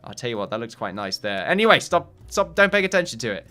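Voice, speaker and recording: A man's voice: medium pitch, big pitch swings, fast talker, bright, forceful tone. A man hosting a let's play, rambling and joking at his own expense in casual commentary. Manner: rambling, self-mocking, jokey. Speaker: gaming channel host.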